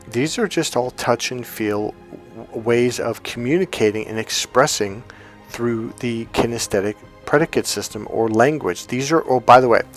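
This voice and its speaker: A man, a relationship and communication coach, giving a motivational teaching talk and acting out quoted voices as he tells stories. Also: mid-range voice. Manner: animated storyteller, acts out quoted voices.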